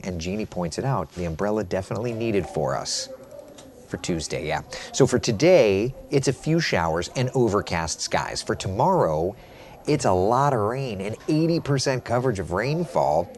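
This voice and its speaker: A man hosting a live chat stream as a TV meteorologist, reading viewer comments and giving a relaxed weather and travel forecast, often repeating his phrases. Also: fairly low pitch.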